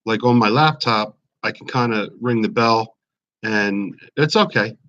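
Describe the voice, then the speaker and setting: A man hosts a casual YouTube livestream from home, rambling and greeting viewers by name. His voice is fairly low and fairly bright at a measured pace, and the slightly dull lo-fi stream audio carries a bit of background noise.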